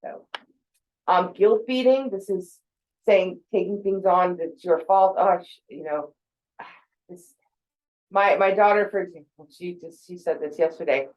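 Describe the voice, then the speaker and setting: Low-voiced woman in casual talk. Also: a little slow, lo-fi sound. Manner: conversational, with fillers and acted-out quotes. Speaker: speaker on mental health. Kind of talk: casual talk about thinking habits.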